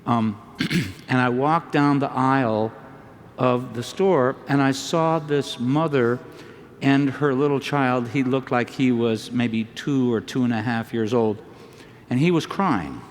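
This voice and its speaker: Gentle man telling a story in a hall. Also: mid-range voice, slight background noise. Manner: gentle, unhurried storyteller with pauses and "um"s. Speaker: panel speaker, psychologist. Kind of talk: storytelling talk. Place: large lecture hall. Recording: distant mic in a large reverberant hall.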